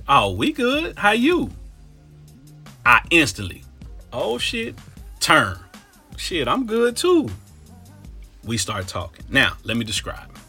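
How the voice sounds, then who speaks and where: A man from Cincinnati telling a comic story in slangy, profane talk, full of animated asides. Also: mid-range voice, breathy edge. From Cincinnati, Ohio.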